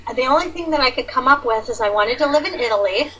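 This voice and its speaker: A woman in casual conversation, telling a personal story in a chatty, animated way with many fillers. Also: high-pitched, fast, highs cut off, a little hiss or hum. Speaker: guest sharing awakening story.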